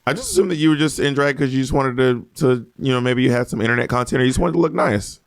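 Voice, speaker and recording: A man's voice: mid-range voice, very animated, fast, gravelly, no room sound, studio quality. A man from Georgia co-hosting a podcast, teasing and explaining in sassy casual chat. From Columbus, Georgia. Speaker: podcast co-host.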